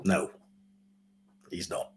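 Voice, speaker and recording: A man co-hosting a live football watchalong, chatting casually in short, laid-back replies. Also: very slow.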